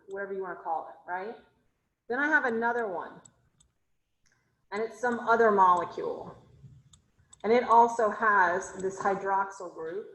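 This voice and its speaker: A woman teaching chemistry over a video call, her voice sitting at an ordinary pitch. She talks her class through each step, quizzes them often and corrects herself as she goes. The room around her sounds echoey. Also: a bit bright. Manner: asks students questions, thinks aloud while drawing. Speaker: chemistry instructor. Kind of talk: online class lecture.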